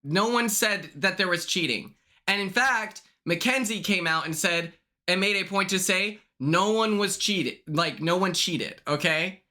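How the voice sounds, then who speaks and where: A young man hosting a livestream, chatting casually in a blunt, sassy way, swearing freely and quick to apologize. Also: high voice, pushed and bright. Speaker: livestream host.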